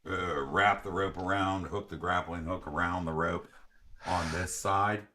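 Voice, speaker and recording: A man's voice: deep voice, fairly even intonation, unhurried, sharp tone. A man playing a tabletop fantasy game, speaking with formal, old-fashioned phrasing in character. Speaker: player.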